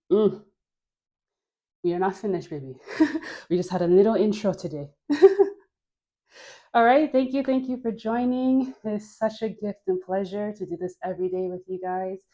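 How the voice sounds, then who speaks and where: Playful woman dance instructor, mellow voice. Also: medium pitch, normal speed, pauses often. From Caribbean. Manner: encouraging, playful, laughs often. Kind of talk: guided dance class. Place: dancing while talking. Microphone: wearing a mic.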